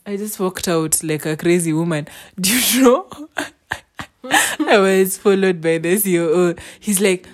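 A woman's voice: on the low side, unhurried. A young woman, telling a story in casual chat and acting out the quotes in it. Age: young adult. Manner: animated, acts out quotes.

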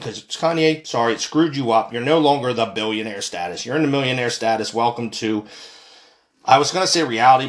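A man's voice: medium pitch, fairly bright tone. A man giving a heated, profane, rambling opinion rant as a commentator.

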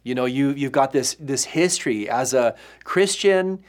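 A man's voice: medium pitch, animated, a little slow. A male pastor giving an earnest, emphatic sermon teaching, with frequent fillers and restarts.

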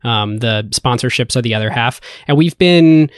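A man speaking as a podcast guest in casual chat, thoughtful and hesitant, with many pauses and fillers. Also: medium pitch, dry recording, studio quality.

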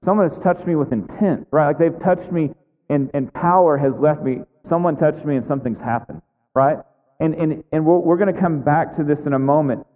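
A man's voice: fairly high pitch, normal speed. A man preaching a sermon who acts out the voices of the people in the story as he retells it. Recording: phone-like sound with a long hall echo.

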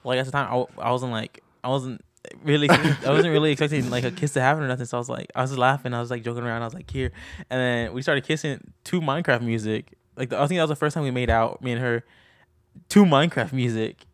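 A man's voice: mid-range voice, quick pace, no echo, clean studio sound. A teenage man co-hosting a podcast, telling rambling stories full of fillers and giggles. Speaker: podcast co-host. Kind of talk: casual chat.

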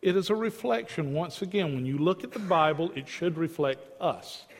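A man's voice: fairly high pitch, normal speed. Earnest preacher man, long church reverb. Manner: earnest, emphatic preaching with pleading asides. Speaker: pastor. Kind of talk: evening sermon. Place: church sanctuary.

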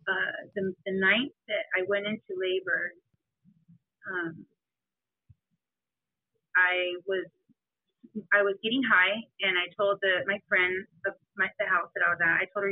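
A woman telling her life story in an interview, halting and emotional, with many restarts. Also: mid-range voice, husky, no room sound. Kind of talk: personal testimony. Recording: tinny phone-like line, dry.

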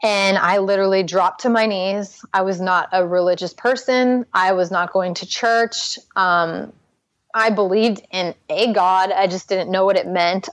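A woman's voice: mid-range voice, normal speed, dry recording. A young adult woman, a Christian life coach, earnestly telling her personal recovery story as a podcast guest, full of "like" fillers.

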